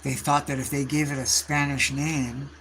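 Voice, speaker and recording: A man's voice: mid-range voice, flat delivery, moderate pace, bright, forceful tone, slight background noise, poor audio. A man, rambling through stories on a livestream in profane slang. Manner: profane, slangy, calls listeners dude and bro. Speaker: livestream host.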